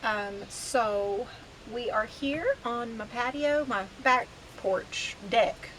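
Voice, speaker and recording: Woman, thirties, slow easygoing talk, bit high voice, outdoor porch, faint outdoor hum. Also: a bit bright, poor audio. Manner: chatty, laughs easily, self-deprecating. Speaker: vlogger. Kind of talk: casual chat to camera. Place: outdoor back porch deck. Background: faint outdoor ambience.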